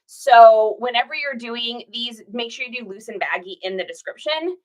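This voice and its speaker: A chatty woman with a fairly high voice, talking casually to her livestream viewers. She gives reselling tips with lots of fillers and a conspiratorial, between-us tone. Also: moderate pace, rough recording. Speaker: clothing reseller.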